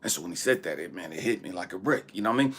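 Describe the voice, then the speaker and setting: A man hosting a spiritual channel, telling a personal story in an animated, emphatic way, swearing freely and sometimes dropping to a whisper. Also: deep voice, racing, slightly rough. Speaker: spiritual channel host and intuitive reader. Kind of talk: casual storytelling monologue.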